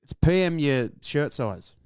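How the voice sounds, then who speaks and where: A man hosting a podcast, telling a story in a casual, animated way and swearing freely. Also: a little high, a little slow, clear, resonant tone, no room sound, studio quality. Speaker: podcast host.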